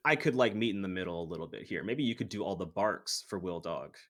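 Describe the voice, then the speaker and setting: A man's voice: deep voice, lively intonation, brisk, few pauses, fairly bright tone. A man, a guest YouTuber, chatting in an easygoing, playful way and going along with the jokes in an improvised comedy bit.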